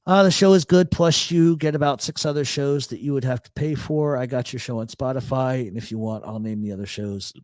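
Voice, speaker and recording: A New York man hosts a loose livestream chat from his home studio, blunt and joking, with swearing sprinkled in. His mid-pitched voice comes through an expensive studio mic and processor, close and dry with no room sound. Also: fairly quick, hardly any pauses, darkish tone, no echo. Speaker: host.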